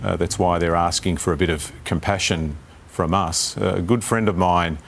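Deep-voiced Australian male politician, earnest, repeats himself under pressure; faint noise behind. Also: fairly even intonation, normal speed, creaky. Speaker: politician guest. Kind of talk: live TV panel debate.

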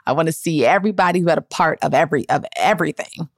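A woman in her thirties hosting a podcast, with a notably low, deep voice. She speaks earnestly and with feeling, reflecting on her own story. The sound is close and dry. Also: racing, dry recording. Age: 30s. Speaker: podcast host. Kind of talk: heartfelt personal storytelling.

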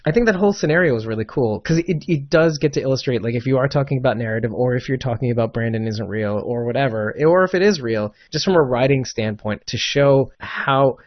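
A man co-hosting a casual show chat, rambling and animated, laughing often. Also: medium pitch, quick pace, hardly any pauses, no echo, muffled recording. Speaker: podcast co-host.

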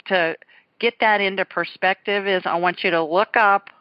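A woman's voice: mid-range voice, moderate pace, no echo. A woman hosting a call-in radio show, chatting casually and laughing as she tells stories. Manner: warm, animated storyteller, laughs often. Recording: slightly dull lo-fi studio sound.

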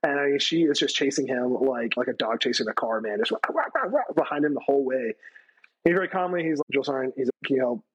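A man, a retired Army staff sergeant from the United States, telling stories as a podcast guest, animated, acting out quoted people with a raised voice. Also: quick pace, slightly rough, lo-fi sound. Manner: animated storytelling, acts out quotes with raised pitch. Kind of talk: casual storytelling interview.

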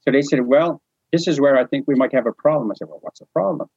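A man's voice: mid-range voice, fast, vocal fry, breathy edge, no room sound. A man from New Brunswick, Canada, telling a personal story in a casual spoken memoir style, acting out the dialogue and chuckling often. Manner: animated storyteller, acts out dialogue, frequent chuckles. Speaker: interviewee telling his life story. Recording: dry, slightly muffled recording.

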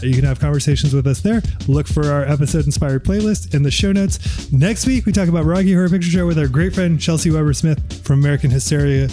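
A man's voice: on the high side, fairly even intonation, fast talker, dark tone, faint music behind. A man co-hosting a podcast about movies, chatting casually and reading the outro in a sing-song way. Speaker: podcast co-host.

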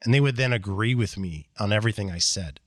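A man, a company executive as interview guest, telling candid stories in a blunt, animated way and acting out quoted dialogue. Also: on the low side, quick pace, no room sound, studio quality. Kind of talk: candid conversational storytelling.

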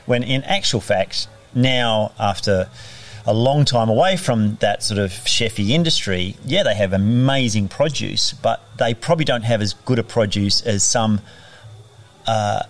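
A man's voice: lowish voice, expressive, unhurried. A middle-aged man from Australia, a chef turned farmer, speaking reflectively in a conversational interview, with frequent fillers and restarts.

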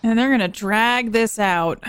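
A woman's voice: a little high, measured pace, clean tone. A woman giving casual reaction commentary on a film, wry, chatty and frankly critical. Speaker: movie reaction vlogger. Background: faint film music.

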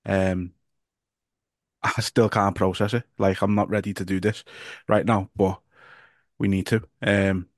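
A man with a Liverpool accent hosting a casual podcast, halting and repeating his words, swearing now and then. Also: low-pitched, little pitch movement, dry recording, studio quality. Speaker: podcast host.

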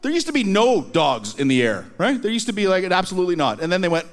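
A Canadian man doing a stand-up comedy set on a theater stage, animated and acting out little scenes and voices. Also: sits high, fast talker, few pauses. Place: theater stage with live audience.

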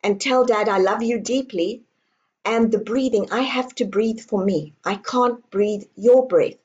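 Calm guiding woman on a dull lo-fi line. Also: a little high. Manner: calm, deliberate, speaking in guided affirmations. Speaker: guest author. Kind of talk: guiding, coaching talk.

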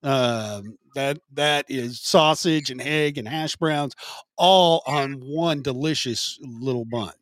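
A man's voice: mid-range voice, slow, fairly bright tone, no echo. A man co-hosting a podcast, joking around in casual chat. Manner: joking, playful, laughs often. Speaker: podcast co-host.

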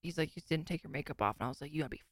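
A woman's voice: low voice, lively intonation, racing, no echo, clean studio sound. A woman co-hosting a podcast in casual chat, chatty and swearing casually. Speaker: podcast co-host.

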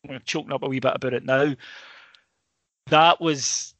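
A man's voice: mid-range voice, flat delivery, rapid-fire, fairly bright tone, no echo. A Scottish man, a sports journalist, telling a rambling, emotional story in casual chat, full of restarts.

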